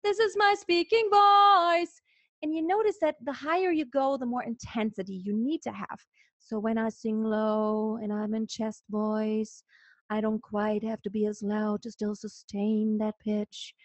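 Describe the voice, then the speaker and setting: A woman's voice: medium pitch, steady tone, measured pace, dark tone, dry recording. A woman vocal coach giving a singing lesson in an earnest, instructive way, breaking off to sing examples. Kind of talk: singing lesson with sung demonstrations.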